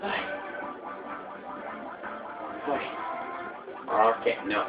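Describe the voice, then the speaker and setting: Teen guy commenting on a game, gets loud and swears a lot, echoey room, game music behind. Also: medium pitch, normal speed. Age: teenager. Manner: excitable, yelling and swearing when frustrated. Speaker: gameplay commentator. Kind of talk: let's play commentary. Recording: tinny phone-like audio in an echoey room.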